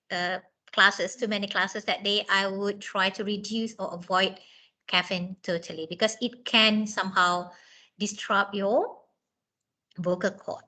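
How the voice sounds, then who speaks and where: A woman's voice: mid-range voice, sharp tone, rough recording. A woman trainer giving a chatty training lecture, with many fillers and restarts, laughing often.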